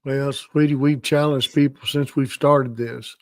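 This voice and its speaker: A man's voice: medium pitch, steady tone, unhurried, no echo, studio quality. A man co-hosting a Bible study, talking enthusiastically and rambling with restarts. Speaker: co-host of a Bible study show.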